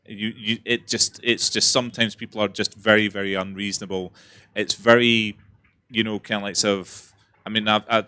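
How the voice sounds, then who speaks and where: A Scottish man with a low, forceful voice speaks on a festival panel. He is frank and emphatic, pressing his points home with earnest conviction. He sounds like a seasoned theatre director. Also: no echo. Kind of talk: panel discussion.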